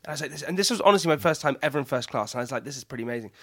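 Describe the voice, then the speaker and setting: A man's voice: medium pitch, lively intonation, very fast, fairly bright tone. A man talking as a guest in a casual chat, telling self-deprecating stories with easy laughter.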